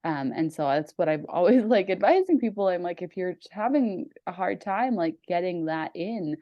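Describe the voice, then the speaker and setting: A woman's voice: lowish voice, animated, normal speed, no room sound, muffled recording. A woman hosting her own podcast, chatting in an upbeat, gushing way with lots of "like"s. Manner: upbeat, gushing, filler-heavy with many "like"s. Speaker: podcast host. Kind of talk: casual interview chat.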